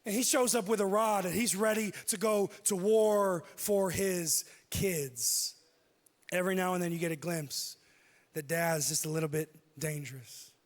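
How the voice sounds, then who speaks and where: High-voiced man preaching animated sermon. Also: a little slow. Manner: animated, acts out quoted speech. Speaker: pastor. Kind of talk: sermon with personal storytelling. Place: church auditorium. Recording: long hall reverb.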